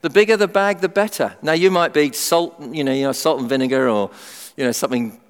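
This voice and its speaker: A middle-aged man preaching a sermon in a humorous, animated way, acting out everyday voices. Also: fairly high pitch, fairly quick, clean tone. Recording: long hall reverb.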